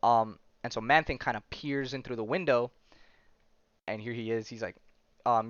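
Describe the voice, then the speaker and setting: A man's voice: medium pitch, fairly even intonation, normal speed, long pauses, a bit bright, no echo, muffled recording. A man from Florida hosting a podcast, recapping a comic in a rambling casual way full of fillers and checks like "right?". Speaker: podcast host.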